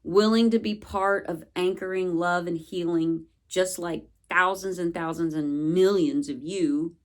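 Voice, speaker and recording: Earnest woman recounting slowly, lowish voice. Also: fairly even intonation. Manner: earnest, slow and searching, with many pauses. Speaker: vlogger. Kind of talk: personal spoken recounting.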